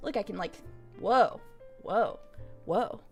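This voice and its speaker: A young woman chatting casually on a live stream, chaotic and jokey, with quick swings of mood. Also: mid-range voice, husky, faint music behind.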